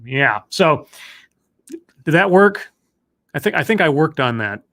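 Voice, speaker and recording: A man's voice: on the high side, big pitch swings, measured pace, pauses often, a bit bright. Chatty man hosting a live stream. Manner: chatty, self-deprecating, filler-heavy. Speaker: livestream host. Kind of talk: casual live commentary stream.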